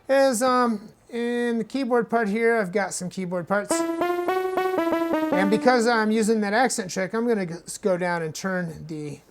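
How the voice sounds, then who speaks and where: In a high voice, this man runs a relaxed hardware music tutorial. His delivery is loose and talkative, peppered with frequent "right?" check-ins.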